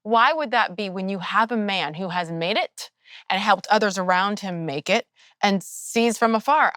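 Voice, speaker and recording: An earnest woman hosts a podcast interview and makes her points in a measured, opinionated way. Her voice sits in a mid range, and the sound is dry and close to the mic. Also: medium pitch, a bit bright, no echo. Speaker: podcast host. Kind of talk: interview conversation.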